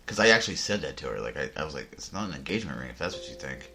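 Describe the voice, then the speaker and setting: A man hosting a podcast, telling a casual story in a rambling way, full of restarts and deadpan jokes. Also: extremely low pitch, rapid-fire. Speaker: podcast host. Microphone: headphones and desk mic.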